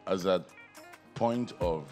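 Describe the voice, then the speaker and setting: A man's voice: deep voice, slow pace, warm tone, soft background music. A man with a Nigerian accent, a guest co-host in casual podcast chat, ranting emphatically and animatedly.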